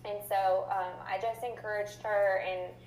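A woman's voice: mid-range voice, level tone, measured pace, darkish tone, faint music behind. Chatty woman telling a story. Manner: chatty, lots of "like" and "I was like". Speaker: church member sharing a story. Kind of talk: casual storytelling. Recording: echoey room with faint hum.

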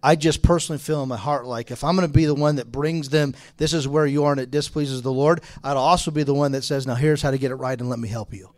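A man moderating a church conference panel, talking quickly and earnestly with frequent restarts. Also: medium pitch, steady tone.

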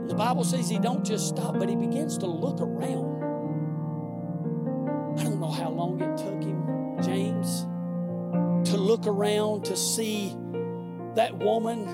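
A male pastor preaching a sermon in a conversational, exhorting way, swinging from hushed words to shouted emphasis. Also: sits high, takes it slowly, pauses often. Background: instrumental music underneath.

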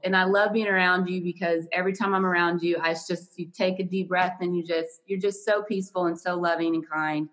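A woman hosting a podcast, chatting casually in a warm, affectionate and expressive way. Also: lowish voice, a little fast, hardly any pauses. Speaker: podcast host.

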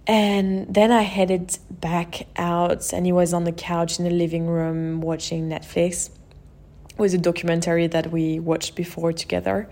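A woman with a slightly lower-pitched voice shares a personal experience on her podcast. She speaks openly and emotionally, in a loose conversational flow with plenty of "like" and "you know". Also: level tone, unhurried, a little mellow. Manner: open and emotional, heavy use of "like" and "you know". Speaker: podcast host. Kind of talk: candid personal storytelling.

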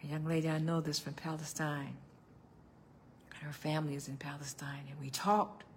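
An older woman preaching a sermon as pastor, calling out to her congregation and swinging between loud outbursts and hushed tones. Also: low voice, steady tone, normal speed, a little hiss or hum. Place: church.

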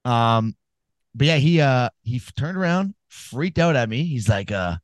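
A man's voice: medium pitch, normal speed, smooth, no room sound. A man co-hosting a casual sports podcast, telling rambling, profane stories and giving fight picks. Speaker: podcast co-host.

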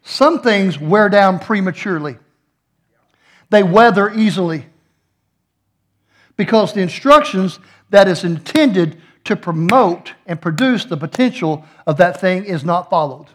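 Middle-aged pastor, high voice, folksy sermon with jokes. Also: male voice, animated, a little slow. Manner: folksy, joking storyteller with playful asides.

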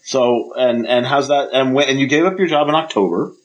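A man's voice: medium pitch, a little fast, poor audio. A man co-hosting a podcast, casually asking questions and teasing his co-host. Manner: lively, prodding questions, teasing. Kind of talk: casual chat.

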